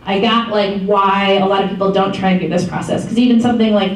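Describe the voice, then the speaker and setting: A woman in her twenties from Michigan, giving a casual talk to a group as founder of a campaign, telling stories in a chatty, animated way with many ums and small laughs. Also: medium pitch, quick pace. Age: 20s. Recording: echoey far-off room mic with faint noise.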